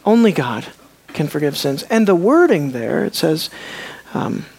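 A preacher delivering a sermon, swinging between hushed, slow asides and loud, emphatic declarations, and asking the listeners rhetorical questions. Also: mid-range voice, very animated, vocal fry, husky.

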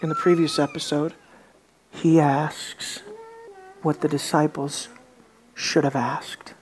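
A preacher giving a sermon, animated, who often restarts and repeats words, asks many rhetorical questions and swings from loud emphasis to quiet intensity. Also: mid-range voice, takes it slowly, long pauses, slightly rough.

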